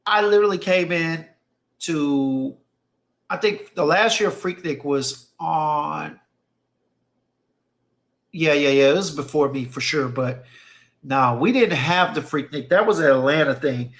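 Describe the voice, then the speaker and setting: Unhurried and pausing at length, a man with a fairly high, slightly bright voice hosts a stream and reads chat. He tells casual stories emphatically, often repeating phrases for effect.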